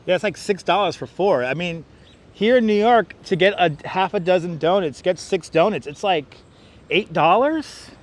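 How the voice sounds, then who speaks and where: Speaking with a Brooklyn accent into a wireless clip-on mic, a man gives viewers a chatty walking tour of a city park on an outdoor livestream. His voice is high-pitched and expressive at a normal speed, and he's out of breath from walking uphill.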